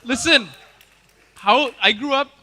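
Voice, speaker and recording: A man's voice: sits high, normal speed, a bit bright. A man from Bangalore, hosting a conference with casual joking stage banter and teasing the audience. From Bangalore, India. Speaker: conference host.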